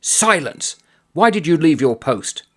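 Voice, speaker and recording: A man's voice: mid-range voice, expressive, takes it slowly. A man voicing a stern army battery major who interrogates a soldier and barks orders. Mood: barking. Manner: barking, shouting orders.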